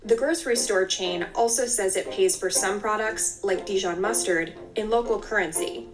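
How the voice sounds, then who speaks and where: A woman reading scripted news narration in a steady, clear delivery. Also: mid-range voice, normal speed, music in the background.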